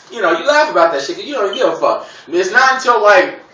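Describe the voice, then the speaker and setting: A male comedian from Gary, Indiana, riffs profanely and rambles from one tangent to the next. His bright, high voice swings widely in pitch. He sounds distant in an echoey room. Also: big pitch swings, fast talker, background noise. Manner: loose, profane, digressive storytelling with exaggerated voices. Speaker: stand-up comedian. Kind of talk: stand-up comedy routine.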